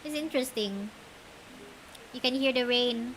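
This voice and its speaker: A woman's voice: on the high side, measured pace, fairly bright tone, a little hiss or hum. A young woman from Malaysia with a Malaysian accent, chatting on a stream in a giggly, rambling way. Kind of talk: casual chat stream.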